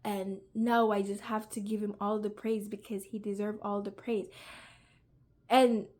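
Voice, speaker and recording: A woman's voice: medium pitch, flat delivery, unhurried, a little mellow. A young woman sharing her personal faith testimony in a casual video, earnest and talkative, with lots of fillers and a voice close to tears. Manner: earnest, talkative, uses many fillers, grows emotional. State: near tears.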